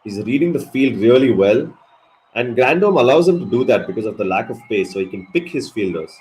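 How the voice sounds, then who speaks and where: A man giving live ball-by-ball cricket commentary on a watch-along stream, excitable and swearing at big moments. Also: medium pitch, fairly quick, slight background noise, low-quality recording. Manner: excitable, swears, animated reactions.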